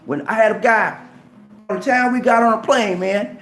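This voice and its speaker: This is a man giving travel advice in a vlog, pushing his points with animated, preachy energy. He leans on casual filler words and acts out short exchanges. His voice carries a noticeable echo from a hard room. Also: high voice, moderate pace, faint music behind. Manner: animated and preachy, acting out little dialogues; colloquial, repeats "man" and "okay". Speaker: travel vlogger. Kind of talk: casual motivational talk to camera. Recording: echoey room.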